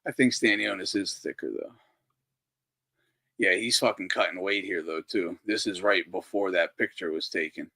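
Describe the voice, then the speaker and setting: Through a streaming microphone, a deep-voiced boxing talk show host speaks at normal speed, his voice pushed and bright. Hosting a casual livestream, he reacts to clips in a profane, rambling, incredulous way.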